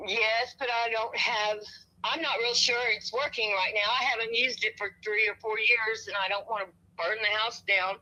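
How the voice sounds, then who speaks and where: A woman's voice: on the high side, fairly even intonation, normal speed, rough recording. A woman in her fifties selling a house over the phone, chilled and shivering, rambling from one thing to the next with many restarts. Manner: rambling, meandering, with many restarts and soft laughs. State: cold and shivering. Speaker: home seller on a phone call.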